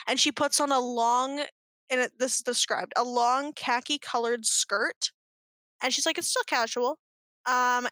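A young woman in her twenties co-hosting a casual chat, animated and sarcastic, with lots of "like." Her voice is high and bright with some edge. It sounds dry and close to the mic. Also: dry recording. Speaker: podcast co-host. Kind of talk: casual chat, reading fan fiction aloud.

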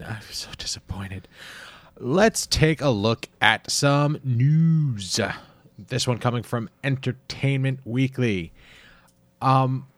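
A man's voice: medium pitch, a bit bright, dry recording. A man hosting a podcast, presenting news in a jokey, wry, amiable way. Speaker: podcast host. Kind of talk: casual chat, reading news.

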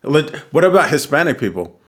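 A man's voice: a little high, very animated, brisk. A man in a casual podcast chat, blunt and provocative, throwing in jokes.

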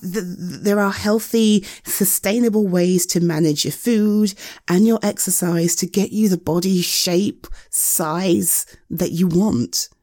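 A young woman in a one-sided audio role-play as a caring partner, gentle and soothing with hesitant pauses, close to the mic. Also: lowish voice, dry recording.

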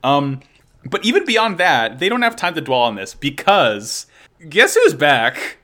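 A man co-hosting a casual podcast recap, animated and profane, often slipping into goofy quoted voices. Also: fairly high pitch, normal speed. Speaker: podcast co-host.

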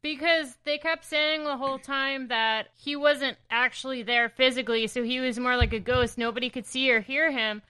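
A woman's voice: on the high side, bright, forceful tone, smooth, poor audio. A woman co-hosting a podcast in casual chat, blunt and outspoken, swearing when she gets indignant. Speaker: podcast co-host. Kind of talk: casual comic recap chat.

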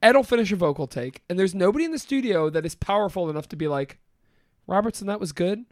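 A man co-hosting a podcast, chatting casually with a very lively, swooping pitch. He jokes, laughs often and drops the odd swear word. The sound is dry and close, with no room echo. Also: racing. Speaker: podcast co-host. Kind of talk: casual chat.

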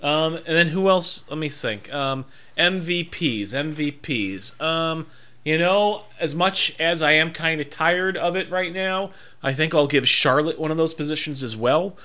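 A man's voice: on the high side, measured pace, pushed and bright. A man co-hosting a casual chat, giving strong opinions and thinking aloud with frequent ums. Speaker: podcast co-host.

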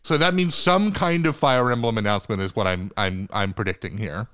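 A man's voice: on the low side, fairly quick, fairly bright tone, no echo, studio quality. A man co-hosting a podcast in casual chat, joking and rambling, swearing now and then. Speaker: podcast co-host.

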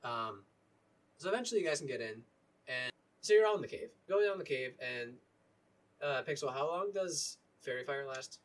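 A man running a tabletop game as dungeon master narrates in a relaxed, halting way, using many fillers. His voice is mid-range and sounds a little distant from the mic.

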